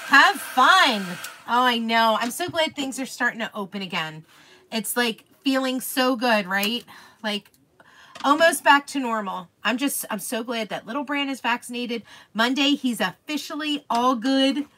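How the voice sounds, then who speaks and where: Bright-voiced young woman, casual craft-stream host, effusive and chatty with viewers. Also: on the high side, animated, normal speed, slight background noise. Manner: gushing, talks to viewers by name.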